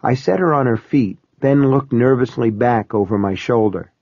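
A man narrating a first-person horror story in a measured, steady way. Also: medium pitch, dry recording. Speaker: audiobook narrator. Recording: dry, dull lo-fi recording.

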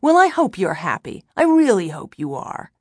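A woman doing a cold, controlling husband in an audiobook, growling low through clenched teeth. The recording is dry and close. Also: very animated, normal speed, slightly rough, no echo. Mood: seething. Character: angry controlling rich husband.

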